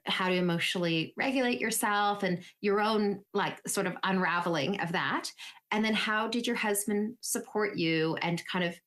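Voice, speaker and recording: A woman's voice: mid-range voice, fairly bright tone. A woman hosting a podcast interview, encouraging her guest and asking long, winding questions. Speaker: podcast host. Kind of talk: conversational interview.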